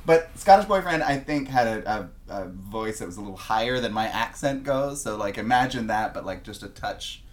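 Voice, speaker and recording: A man co-hosting a podcast, telling a story in casual chat, animated and laughing a lot as he talks. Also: lowish voice, normal speed, few pauses. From Canada. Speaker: podcast co-host.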